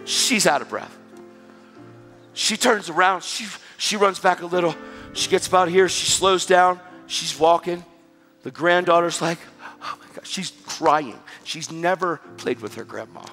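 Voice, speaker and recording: A high-pitched male preacher delivers an animated sermon, swinging from loud exhortation to near-whispered storytelling. His voice rings out with a long reverb through a church hall, with faint music underneath. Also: measured pace.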